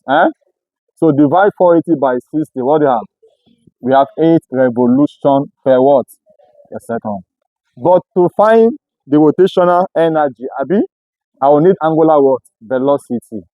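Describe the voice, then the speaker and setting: A man's voice: fairly high pitch, no room sound, phone-quality sound. A man teaching a physics class, who keeps asking the students to finish each step of his sentences. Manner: call-and-response questioning. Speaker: physics tutor. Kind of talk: classroom lecture.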